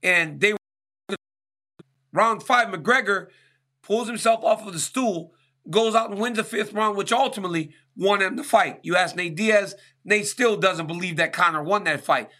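Bright, high-voiced man hosting sports talk. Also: normal speed. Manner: emphatic, keeps asking "right?". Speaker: host answering listener questions.

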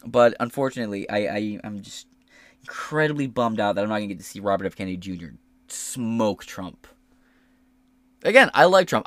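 A man hosting a podcast, giving casual commentary in swearing, animated rants. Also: fairly low pitch, no echo. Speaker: podcast host.

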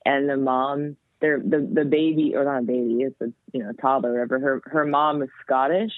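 A woman's voice: rumbling low, fairly quick, dry recording. Woman guest on a tinny line. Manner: animated storytelling. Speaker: guest, metal vocalist. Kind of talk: casual chat. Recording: tinny phone-like sound, dry.

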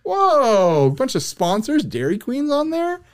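Podcast co-host, male, animated and joking, voice swings high and low. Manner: animated, joking, quick asides. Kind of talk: casual chat.

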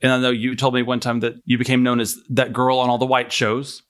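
A man hosting an interview in a casual, conversational tone. He asks his questions earnestly, taking time to reflect. His voice sits at an ordinary pitch. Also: little pitch movement, fast, a bit bright. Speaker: interview host.

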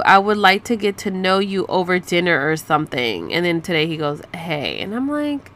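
A woman's voice: on the low side, very animated, moderate pace, fairly bright tone. A woman in her thirties telling a story in a casual, sassy way, reading out chat messages with profane asides. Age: 30s. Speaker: vlogger. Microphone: close to the mic.

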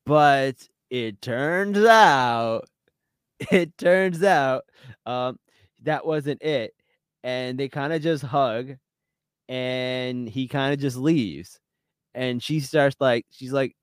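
A man recaps a dating show on his podcast in an unhurried, chatty way, laughing often and acting out what people said. His voice is mid-pitched, and the sound is dry and close. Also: clean tone, no room sound. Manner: animated storytelling, laughs often, quick reenacted quotes. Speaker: podcast co-host. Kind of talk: casual recap chat.

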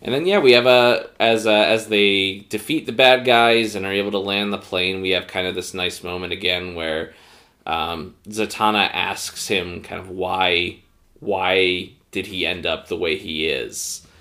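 Bright-voiced podcast co-host, deep. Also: male voice, steady tone, unhurried. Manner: rambling, recaps plot with many fillers. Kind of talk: casual episode review.

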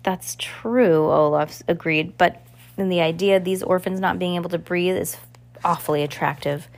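A woman's voice: lowish voice, fairly even intonation, moderate pace, natural voice. A woman reading as a gloating villainous count. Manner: snarling, gloating. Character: scheming greedy villainous male count.

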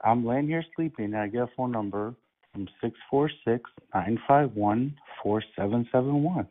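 A man on a prank phone call, calm and mocking, playing innocent. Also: medium pitch, moderate pace. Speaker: prank caller. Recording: phone line.

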